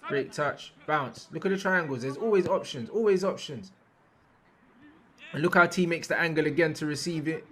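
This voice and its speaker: Pitched a little high and moving at a moderate pace, a young man gives slangy, relaxed reaction commentary to football footage. He repeats phrases and lets out loud outbursts at the big moments.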